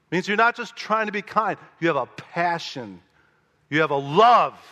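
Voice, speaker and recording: A male pastor from Chicago preaching a sermon, telling stories in an animated way and acting out his own thoughts with rising emphasis. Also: mid-range voice, long reverb tail.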